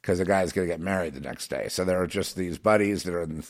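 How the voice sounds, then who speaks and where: A man's voice: low-pitched, quick pace. A man in a rambling rant with many restarts and repeated fillers. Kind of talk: ranting commentary.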